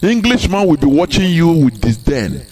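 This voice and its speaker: A man with a Nigerian Igbo accent addresses listeners in a live broadcast speech. His voice sits somewhat high, and he drives his points home with repetition and rhetorical questions. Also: very animated, moderate pace, darkish tone. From southeastern Nigeria. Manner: emphatic, repeats words and rhetorical questions. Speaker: activist broadcaster.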